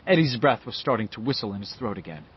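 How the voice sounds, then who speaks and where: Expressive male audiobook narrator. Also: on the low side, quick pace, breathy edge, lo-fi sound. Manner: expressive storytelling delivery. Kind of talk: scripted narration.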